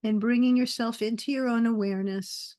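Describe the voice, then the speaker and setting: A woman teaching a meditation class over a video call, guiding the group with soft, soothing phrases and pauses. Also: fairly high pitch, steady tone, no room sound, studio quality.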